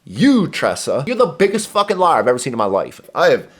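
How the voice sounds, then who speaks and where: A man's voice: on the high side, huge pitch swings, fairly quick. A man hosting a reaction commentary, ranting in a profane, exasperated way. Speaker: commentary host. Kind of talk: heated reaction rant.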